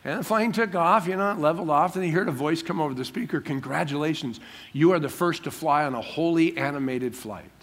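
A man's voice: on the high side, brisk, fairly bright tone. A man preaching a sermon in church, talking in a humorous, conversational way with everyday stories. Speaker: pastor.

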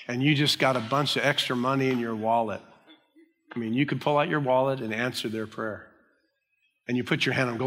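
A man's voice: mid-range voice, fast talker, a bit bright, in a large hall. A man preaching a sermon as a pastor, earnest and emphatic.

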